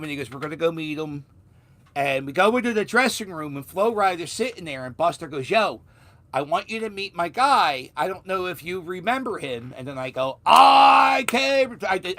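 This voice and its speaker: This man speaks with a Philadelphia accent in a fairly high-pitched, fairly bright voice. He's a Philly vlogger spinning a loose, casual story, restarting sentences and dropping a swear now and then.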